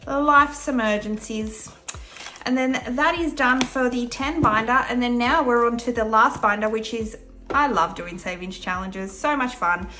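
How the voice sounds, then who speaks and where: A woman's voice: a little high, a little slow, sharp tone. A young Australian woman with an Australian accent, chatting upbeat in a casual vlog while counting cash aloud. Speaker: budgeting vlogger.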